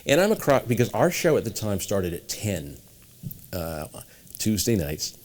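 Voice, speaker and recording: In a storytelling interview, a New England man who is a guest mentalist spins long, rambling anecdotes and acts out the voices of the people in them. His voice is on the low side, sing-song, a little slow and darkish in tone.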